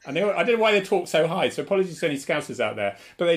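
A man from England co-hosting a relaxed chat, who laughs easily and now and then slips into put-on accents. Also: a little high, very fast. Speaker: co-host. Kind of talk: casual live-stream chat.

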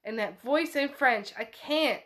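A woman's voice: high voice, unhurried, fairly bright tone. A woman voicing a distraught, haunted man in a casual book retelling, urgent and pleading. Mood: agitated.

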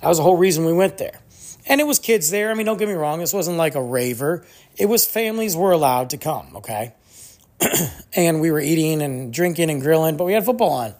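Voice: medium pitch, expressive, fairly quick, darkish tone. A podcast host telling stories in a solo monologue, ranting with animation and acting out the people quoted along the way. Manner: acts out quoted people mid-story.

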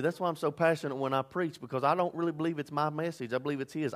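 A man preaching a sermon as pastor, swinging between loud emphatic bursts and low asides. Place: church sanctuary. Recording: long hall reverb.

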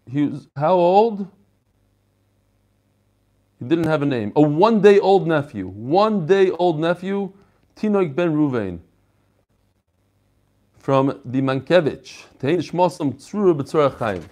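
A man with a fairly high voice leads a relaxed class. He chats and jokes, reads out messages from listeners, then moves on to the text. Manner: chatty, joking, reads messages aloud. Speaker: rabbi teaching a Talmud class. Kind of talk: casual lesson with reading of emails.

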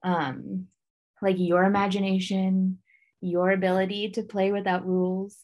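A woman's voice: medium pitch, little pitch movement, unhurried, darkish tone. A pregnant woman co-hosting a parenting podcast in a chatty manner, a bit winded, with many fillers. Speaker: podcast co-host. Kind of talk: casual chat on parenting.

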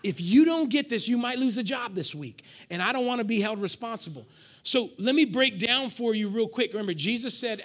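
A man serving as pastor delivers an energetic sermon to his congregation, trading call-and-response lines and slipping in acted asides. His voice sits high and moves at a normal speed.

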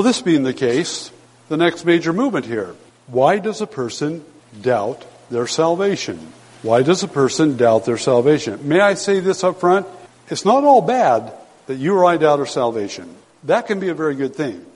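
An older man preaching a sermon as pastor, emphatic, slowing down to stress the scripture he quotes. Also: on the high side. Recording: long hall reverb.

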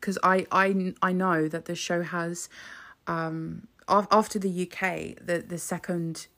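Chatty woman with gravelly low voice. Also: flat delivery, measured pace, fairly bright tone. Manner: chatty, sweary, rambling with many restarts. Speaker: podcast host. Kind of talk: solo podcast monologue.

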